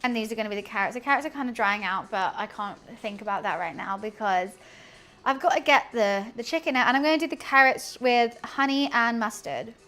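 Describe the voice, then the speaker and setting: High-voiced giggly woman streamer. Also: brisk, bright, forceful tone. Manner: chatty, giggly, easily distracted. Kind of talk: casual live-stream cooking chat. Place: home kitchen.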